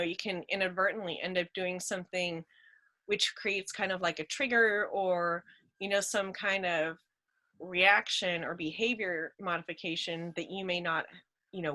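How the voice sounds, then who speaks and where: A woman's voice: on the low side, sharp tone, low-quality recording. A woman chatting as a guest about rescue dogs, with lots of "you know" and "like.". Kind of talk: casual chat.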